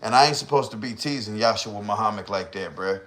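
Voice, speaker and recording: A man's voice: on the low side, fairly quick. A man hosting a livestream, ranting casually in heavy slang and profanity and acting out the people he talks about. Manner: profane, slangy, animated storyteller who acts out voices. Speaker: livestream host.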